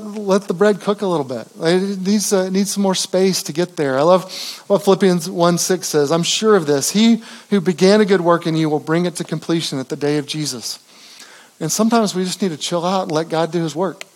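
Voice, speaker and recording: A pastor preaching a sermon in an earnest, conversational way, with frequent restarts. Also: male voice, high voice, a little fast, a little mellow.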